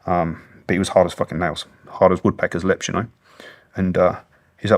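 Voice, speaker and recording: A British man in his thirties speaks as an interview guest, telling his story with a low voice. He is earnest and plain-spoken and swears freely as he talks. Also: level tone, quick pace. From Britain. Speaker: guest, former special forces soldier. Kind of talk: long-form interview storytelling.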